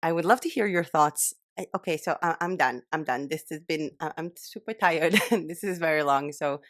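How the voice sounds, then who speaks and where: A woman's voice: sits low, normal speed, no echo, studio quality. A young woman hosting a casual vlog, talking with a slight lisp from painful wisdom teeth, chatty and self-mocking. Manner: chatty, self-deprecating, laughing through pain. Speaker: channel host. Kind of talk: casual vlog chat and bloopers.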